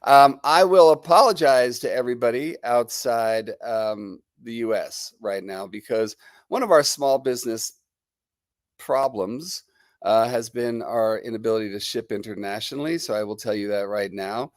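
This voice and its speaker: A man's voice: medium pitch, normal speed, no echo. Middle-aged New Jersey guy hosting a livestream, rambling and chatty, nursing a cold, dry close sound. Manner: chatty and rambling, greeting viewers. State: has a lingering cold. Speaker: livestream host. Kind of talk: casual live-stream chat.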